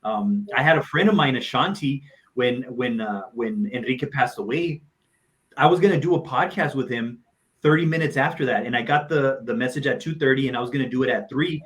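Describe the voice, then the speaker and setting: A man's voice: mid-range voice, fairly quick, a bit bright, low-quality recording. A man, a motivational speaker and coach, telling personal stories on a live talk show in a heartfelt, earnest way and repeating phrases for emphasis.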